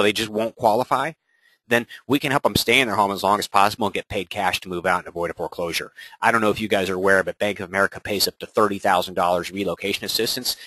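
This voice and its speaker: A man coaching real estate agents in a webinar, energetic and often checking in with "right?". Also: lowish voice, dry recording, rough recording. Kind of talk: webinar presentation.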